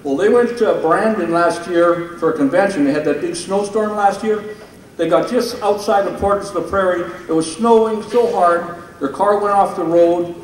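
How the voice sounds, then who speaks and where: A man's voice: sits high, normal speed. Joke-telling man in an echoey hall. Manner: teasing, jokey, ribs audience members. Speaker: stand-up comedian at a benefit. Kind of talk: live stand-up joke telling. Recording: echoey hall, far from the mic, crowd noise.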